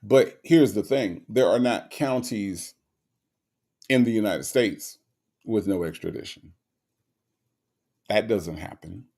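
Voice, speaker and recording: A man's voice: lowish voice, slow pace, creaky, pauses often, dark tone. A man hosting a live stream, talking to his chat in an emphatic, sarcastic, repetitive rant. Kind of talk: casual commentary to chat.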